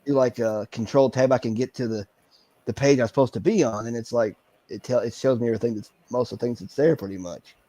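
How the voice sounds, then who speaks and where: A man talking as a podcast guest in casual chat, halting and searching for words as he explains things. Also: mid-range voice, dark tone, no room sound.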